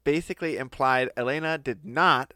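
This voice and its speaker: A man's voice: mid-range voice, normal speed, pushed and bright, no room sound. A male podcast co-host casually telling a story, often laughing as he talks.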